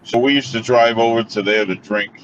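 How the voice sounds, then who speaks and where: A man's voice: mid-range voice, steady tone, a little fast, highs cut off, noisy background. An American man chatting casually, easygoing and agreeable. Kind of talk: casual chat.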